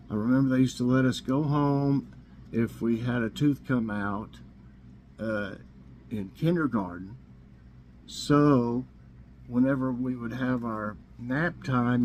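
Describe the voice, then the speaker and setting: Man, slightly hoarse, slow unhurried talk, relaxed trivia chat, faint noise behind. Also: medium pitch, low-quality recording. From Tennessee. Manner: slow, easygoing, chuckles to himself. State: a little hoarse. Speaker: vlog host. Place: warm room indoors.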